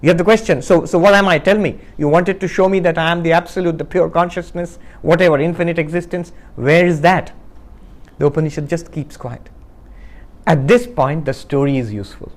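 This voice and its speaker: A man giving a spiritual talk to a live audience, telling a story and acting out its characters with lively shifts of voice. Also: fairly high pitch, brisk. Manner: asks the audience questions. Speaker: spiritual teacher.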